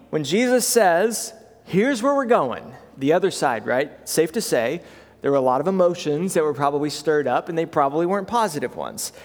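Guy pastor giving a sermon, kinda high voice, lots of um and right?, echoey church hall. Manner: conversational, with frequent fillers and "right?" check-ins.

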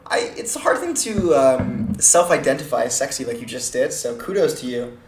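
A young man in his twenties co-hosts a casual podcast, chatting and laughing easily and tripping over his own restarts. His voice sits at an ordinary pitch for a man. The room is echoey, with a faint hum of background noise. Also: sing-song, moderate pace. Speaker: podcast co-host. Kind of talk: casual chat.

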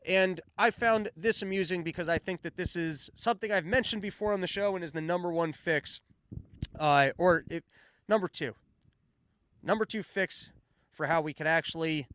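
A man with a high, smooth and clear voice hosts his own show, ranting sarcastically about the news. He swears freely as he talks. The sound is dry and close, with no room echo. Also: fairly bright tone. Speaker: podcast host. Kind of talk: solo commentary on news.

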